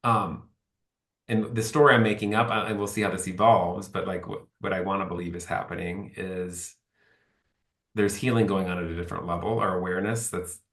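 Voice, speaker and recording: A man on a podcast tells his story in a loose, candid, rambling way, acting out bits of what people said. His voice sits on the low side, and the room gives it a noticeable echo. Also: steady tone, a little fast, fairly bright tone. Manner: rambling and candid, acts out quoted speech. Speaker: podcast guest. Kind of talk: casual conversation.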